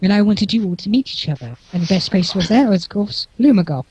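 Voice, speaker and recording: A man's voice: high-pitched, lively intonation, fast, darkish tone, breathy edge, low-quality recording. A man running a tabletop game as game master, chatty and laughing often.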